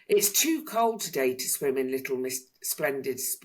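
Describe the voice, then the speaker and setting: A small, kind male hero from a children's picture book, clever and cheerful, as a woman puts him on while reading. He speaks in a bright, lilting way with big leaps in pitch. The delivery is unhurried. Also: animated, full character voice. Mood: eager.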